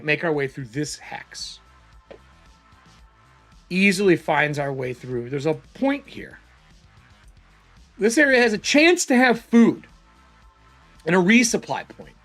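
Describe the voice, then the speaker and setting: A man's voice: fairly high pitch, a bit bright. A man narrating a solo tabletop game casually, thinking aloud as he rolls dice.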